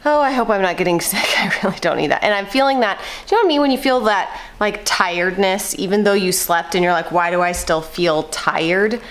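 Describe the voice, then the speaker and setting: A woman in her thirties chatting casually to the camera at home, rambling with lots of fillers, her voice a little hoarse and nasal from a coming cold. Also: mid-range voice, expressive, quick pace, few pauses. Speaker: vlogger, mother of eight. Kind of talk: casual vlog chat. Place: at home indoors.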